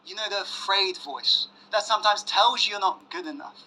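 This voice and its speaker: A man giving a motivational self-help masterclass, pressing the audience with questions and dropping to hushed emphasis. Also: sits high, moderate pace, rough recording. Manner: emphatic, asks audience to say yes, swings loud and hushed. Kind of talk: motivational webinar talk.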